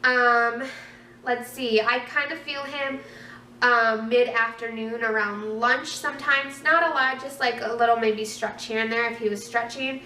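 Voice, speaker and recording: A young woman in her twenties talks through a casual vlog, rambling and chatty with plenty of fillers. Her voice sits high and sounds bright. The room is echoey, with faint ambient noise, and she is a little away from the mic. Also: steady tone, unhurried, distant mic. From Minnesota, USA. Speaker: vlogger. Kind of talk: casual pregnancy update vlog.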